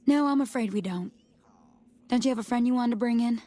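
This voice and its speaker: A woman's voice: on the high side, brisk, warm tone, no room sound, natural voice. An actress voicing a kindly woman army officer in video game dialogue, polite and a little reserved. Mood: gentle.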